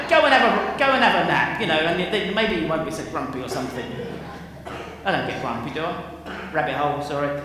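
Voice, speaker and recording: A man preaching a sermon in a conversational, animated way, with chatty asides. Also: high-pitched, a little hiss or hum. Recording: echoey church hall with long reverb.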